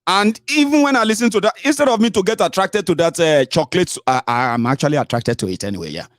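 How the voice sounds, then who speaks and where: A Nigerian man with a Yoruba accent hosting an online radio show, giving animated political commentary mixed with Pidgin. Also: high voice, fast talker, no echo. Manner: animated, mixing Pidgin and Yoruba, stretching words for emphasis.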